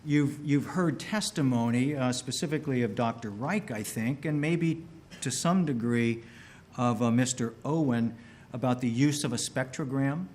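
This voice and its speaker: A man's voice: mid-range voice, moderate pace, a little mellow, a little hiss or hum. A man in a courtroom questioning an expert witness carefully, restating questions with small restarts.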